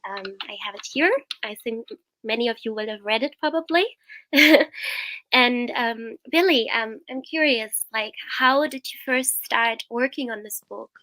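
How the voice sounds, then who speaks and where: A woman's voice: on the high side, a little slow, sharp tone, no echo. A woman hosting a live online event and interviewing a guest over a video call, friendly and chatty, with many fillers. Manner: friendly, with fillers and little laughs. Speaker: interviewer and host.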